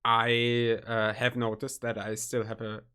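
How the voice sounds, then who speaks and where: A man with a German accent, a native German speaker, chatting casually on a stream, halting and searching for his words. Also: mid-range voice, monotone, pushed and bright, smooth. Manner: halting, searching for words, nervous self-conscious laughs.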